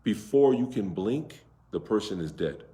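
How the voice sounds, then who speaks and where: A man leads a class on Quran recitation, stretching out Arabic words and checking back with his students. His voice sits low and mellow. The room around him is echoey. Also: lively intonation. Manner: explains slowly, drawing out Arabic words and asking the class questions. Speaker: imam teaching Quran recitation. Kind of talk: interactive class lesson.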